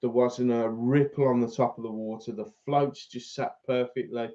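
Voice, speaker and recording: A man's voice: medium pitch, fairly even intonation, normal speed, mellow, dull audio. A man hosting a fishing channel, chatting casually on a live stream, laughing often and reading out viewer comments.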